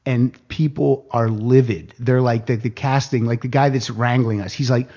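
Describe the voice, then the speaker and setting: A man telling a casual anecdote on a podcast, animated, jumping higher in pitch when he quotes people. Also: moderate pace, dull audio. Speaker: guest storyteller.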